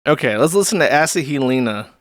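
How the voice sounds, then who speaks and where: A man's voice: mid-range voice, lively intonation, quick pace, dry recording, studio quality. A man hosting a casual commentary stream, crude and sarcastic, rambling between asides. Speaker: streamer host.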